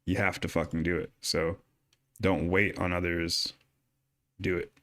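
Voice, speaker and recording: Low-voiced male podcast co-host, blunt and fired up, urging listeners on with plenty of cursing. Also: flat delivery, a little slow, a bit bright. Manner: fired-up, exhorting, swears a lot. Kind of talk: casual podcast discussion.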